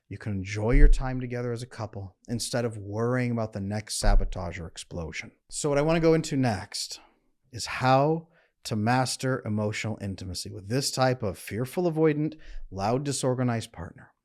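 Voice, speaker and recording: A man who is a relationship coach, giving an earnest, emphatic instructional monologue that slows down at times to demonstrate calm. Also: mid-range voice.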